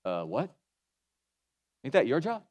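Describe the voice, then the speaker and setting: A man's voice: mid-range voice, huge pitch swings, darkish tone, pitched below the performer's own voice. A man voicing Moses as a pompous leader who sounds overly spiritual and is easily flustered. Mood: bewildered. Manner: slow, solemn mock-pious delivery.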